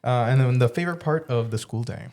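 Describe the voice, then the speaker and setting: A man's voice: mid-range voice, fast, a little mellow. A man co-hosting a podcast, asking short friendly questions. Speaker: podcast co-host. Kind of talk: casual podcast chat.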